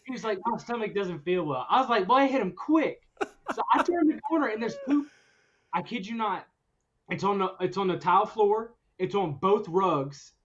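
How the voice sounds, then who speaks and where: A man hosting a podcast, telling a story in a casual chat, animated and often laughing as he goes. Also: sits high, moderate pace. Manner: animated, laughs through his own story. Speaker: podcast host. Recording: dull lo-fi recording.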